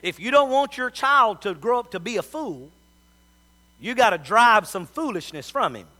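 Man, pastor, sermon, folksy storyteller, bright tone. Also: high-pitched, expressive, normal speed.

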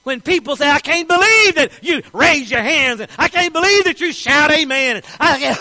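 A man preaching a sermon, his voice sitting unusually high. He talks with passion, dropping to quiet asides and then rising to shouted declarations. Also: animated, normal speed, poor audio. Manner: impassioned, swinging from soft asides to shouted declarations. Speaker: pastor.

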